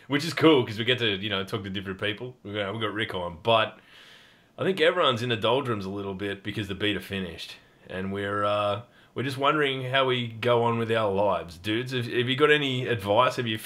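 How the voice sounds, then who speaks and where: Laid-back Australian podcast host. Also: male voice, lowish voice, pushed and bright. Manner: laid-back, laughs easily, swears casually. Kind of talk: casual gaming podcast chat.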